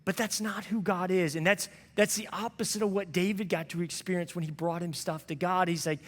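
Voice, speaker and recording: A man's voice: high voice, steady tone, a little fast, a bit bright, in a large hall. A man preaching a sermon as a pastor, telling a story in a conversational, earnest way. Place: church sanctuary.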